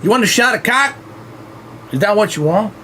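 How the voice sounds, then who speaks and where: A man's voice: high voice, animated, moderate pace, bright, forceful tone, a little hiss or hum, pitched above the performer's own voice. A man voicing a rowdy Southern backwoods man, drawling and bossy in a put-on Southern accent. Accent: put-on American Southern.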